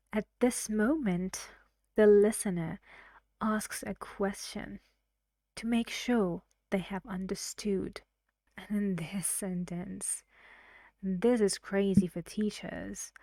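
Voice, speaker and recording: A woman teaching English pronunciation in a recorded lesson, speaking carefully and often dropping to a soft whisper. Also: medium pitch, takes it slowly, no echo.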